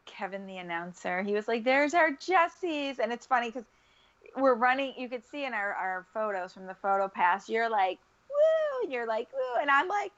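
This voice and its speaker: Lively woman, podcast co-host, higher pitch, muffled lo-fi sound. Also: fairly quick. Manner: animated, acts out quotes with big pitch jumps. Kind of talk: casual chat. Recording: dull lo-fi recording.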